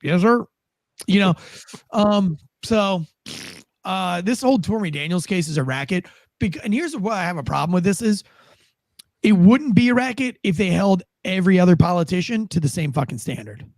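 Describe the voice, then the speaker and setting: Profane high-voiced male podcast host. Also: normal speed, no room sound. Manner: profane, rambling, animated. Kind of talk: casual political commentary.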